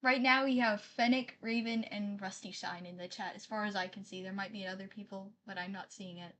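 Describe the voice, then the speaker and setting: A woman's voice: mid-range voice, steady tone, a little fast, fairly bright tone. A woman live-streaming, chatting casually with her viewers, apologizing often and reading their messages aloud.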